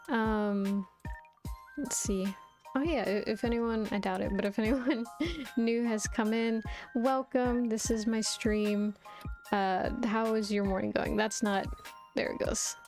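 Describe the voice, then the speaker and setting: Chatty woman streamer with vocal fry. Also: medium pitch, fairly even intonation, unhurried, darkish tone. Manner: chatty and rambling, often laughing. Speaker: VTuber streamer. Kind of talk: casual chat while playing a video game. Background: faint game music.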